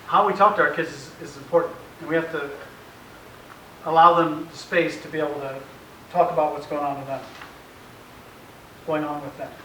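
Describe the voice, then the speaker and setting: A man's voice: a little high, fairly even intonation, moderate pace, long pauses, fairly bright tone. A middle-aged man giving an informal, anecdotal presentation to parents, acting out family conversations and chuckling often. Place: meeting room with an audience. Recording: roomy echoey room, faint hiss, mic far off.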